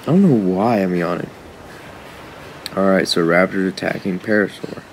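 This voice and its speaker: A gaming YouTuber with a low voice offers casual commentary at a moderate pace while playing, addressing both the on-screen creatures and his viewers and often getting frustrated. There's a little hiss or hum in the audio.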